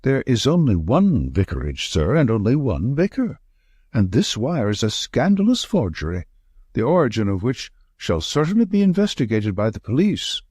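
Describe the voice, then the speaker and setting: A man reading as a pompous, indignant clergyman of large build, talking down from his study. The reading is close and dry, with pitch that swings widely. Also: big pitch swings, moderate pace, darkish tone, breathy edge, no room sound.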